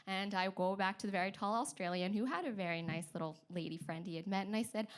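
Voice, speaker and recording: A woman telling a funny personal story live on stage, in a chatty, self-deprecating way. She laughs often between lines, and her voice sits at a middle pitch. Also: fast talker.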